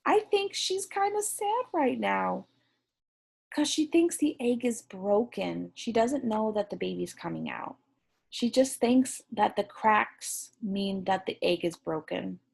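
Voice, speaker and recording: Slow, gentle woman teacher reading aloud. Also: mid-range voice, expressive, vocal fry, husky. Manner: slow, gentle and encouraging, with questions to the class. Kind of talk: reading a picture book aloud to young students.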